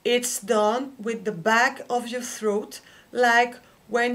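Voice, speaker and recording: A woman whose first language is French, teaching a singing lesson and explaining slowly and carefully with small pauses. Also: on the high side, fairly bright tone. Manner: slow, careful explaining with fillers. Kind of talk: vocal lesson with sung demonstrations.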